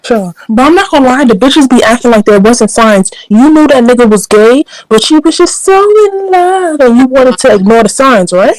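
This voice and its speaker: A woman's voice: fairly high pitch, lively intonation, normal speed, few pauses, darkish tone, no echo, rough recording. A young woman from New York City with a New York accent, blunt and profane in casual chat.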